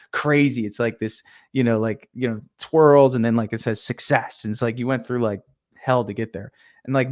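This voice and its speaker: A young man telling a story in casual talk as a podcast guest, acting out his own past lines with energy. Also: medium pitch. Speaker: podcast guest, painting contractor.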